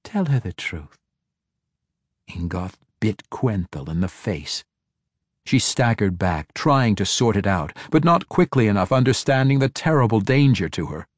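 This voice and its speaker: A man with a low voice reads a fantasy novel, his delivery dramatic and richly varied in pitch. The recording is close and dry, with no room around him. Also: moderate pace, dry recording. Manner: dramatic, expressive reading. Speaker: audiobook narrator. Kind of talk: scripted fantasy narration.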